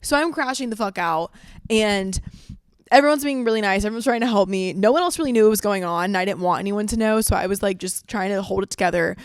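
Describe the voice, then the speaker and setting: A woman's voice: mid-range voice, fast talker, clean tone, no room sound, clean studio sound. A young woman hosting a podcast, telling a story casually, swearing freely, saying "like" a lot and laughing as she goes. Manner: animated, laughs while telling. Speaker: podcast host.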